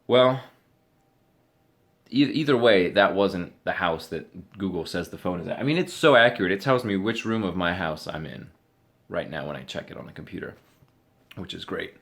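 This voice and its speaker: A man's voice: sits low, animated, normal speed, creaky, fairly bright tone. A young man vlogging, casually retelling a story and acting out what other people said.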